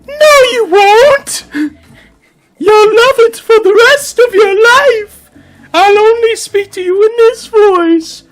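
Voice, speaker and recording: A man voicing a boastful rich male jock who shouts his bragging in a screeching, drawn-out way. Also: extremely high pitch, pitched above the performer's own voice, poor audio. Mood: taunting.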